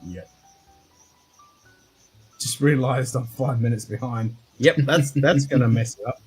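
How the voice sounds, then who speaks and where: An Australian man hosting a whisky livestream, talking fast with slurred, sweary banter. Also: medium pitch, slightly rough, faint music behind, poor audio. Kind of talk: casual livestream chat.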